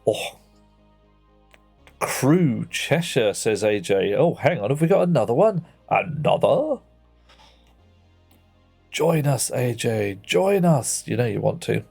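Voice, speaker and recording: A man's voice: mid-range voice, big pitch swings, a little slow, vocal fry, a little mellow, husky, soft background music. A man chatting playfully with viewers while playing a game on a livestream, greeting them by name. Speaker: streamer. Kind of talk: casual livestream chat while gaming.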